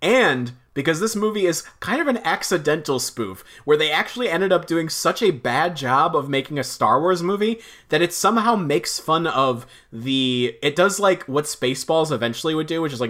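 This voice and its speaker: Animated male podcast host. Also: a little high. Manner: animated, laughs often, exaggerated groans. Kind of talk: casual podcast chat.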